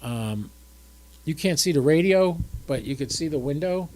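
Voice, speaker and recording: A man's voice: on the high side, animated, moderate pace, a little mellow. A drowsy, tired man hosting a casual livestream, chatting and thinking aloud as he works his ham radio gear. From United States.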